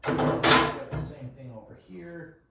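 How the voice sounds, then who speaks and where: A man's voice: a little high, slow, creaky. A man casually narrating his woodworking as he builds shelves, self-deprecating and rambling, often breaking off mid-thought. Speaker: DIY woodworking vlogger. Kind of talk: casual how-to narration while working. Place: hot garage workshop in the desert. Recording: echoey garage, distant mic, tool noise.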